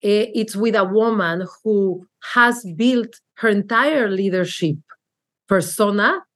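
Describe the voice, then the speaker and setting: A woman in her forties speaks with a Mexican Spanish accent in a candid interview. She is earnest and reflective, starts sentences over and fills gaps with "like" and "uh." Her pitch sits in a middling range for a woman. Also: takes it slowly, fairly bright tone. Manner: earnest, reflective, with frequent fillers and restarts. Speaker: marketing executive guest.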